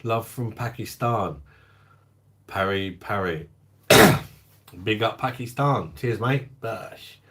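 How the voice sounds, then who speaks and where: A man with a fairly low voice hosts a relaxed livestream. He talks at an unhurried, easy pace, joking around and greeting viewers by name as he reads their comments aloud. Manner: jokey and chatty, laughs often, greets viewers. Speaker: livestream host of a beer review channel. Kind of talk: casual livestream chat, reading viewer comments.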